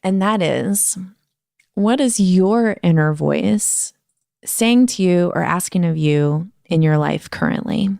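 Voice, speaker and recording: A woman's voice: fairly low pitch, slow, gravelly, dark tone, no echo, studio quality. A woman hosting an interview podcast, affirming and encouraging, with many small agreements. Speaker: podcast host. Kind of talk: casual interview chat.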